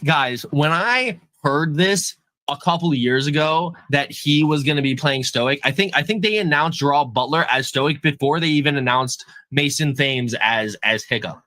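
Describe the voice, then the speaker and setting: A man co-hosting a podcast, chatting casually about a movie in a hyped, animated way and often repeating himself. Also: a little high, normal speed, no echo. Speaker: podcast co-host. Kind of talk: casual movie review chat.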